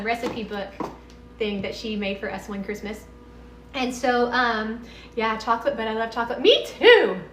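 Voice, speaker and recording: A woman's voice: sits high, bright, forceful tone, roomy sound, a little hiss or hum. A woman with a Texan accent chatting casually in her home kitchen during a live cooking stream, bubbly and meandering as she talks to viewers. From Texas.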